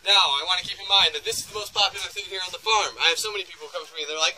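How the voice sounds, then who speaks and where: A man's voice: sits high, racing, pushed and bright, low-quality recording. A man leading a reindeer farm tour outdoors, giving joking, teasing instructions and laughing often. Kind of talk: joking instructional talk to visitors. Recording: outdoor tour with crowd audible. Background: group of visitors.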